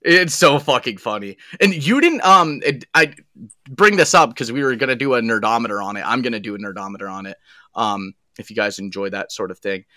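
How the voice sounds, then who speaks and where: A man's voice: mid-range voice, animated, a little fast, pushed and bright, no room sound, studio quality. A man co-hosting a casual podcast chat, joking, laughing often and swearing freely. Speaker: podcast co-host.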